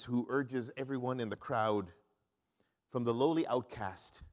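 A male pastor with a mid-range voice preaches an animated sermon, often putting questions to the congregation.

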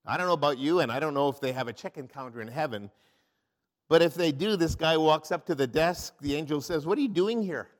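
Brisk and fairly high-pitched, a male pastor delivers a lively sermon and frequently asks his congregation questions.

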